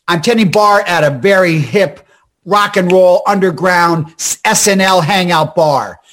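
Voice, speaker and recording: High-voiced older comedian telling stories. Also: male voice. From Scranton, Pennsylvania. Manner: rapid, animated anecdotes with restarts and quoted voices. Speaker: comedian and actor guest. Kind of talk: storytelling interview chat.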